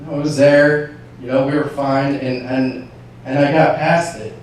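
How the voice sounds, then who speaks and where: A man preaching, telling a personal story and acting out his inner dialogue, with his voice swinging from hushed to shouting. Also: mid-range voice, measured pace. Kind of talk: sermon testimony. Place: large church hall. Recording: echoey church hall from far off.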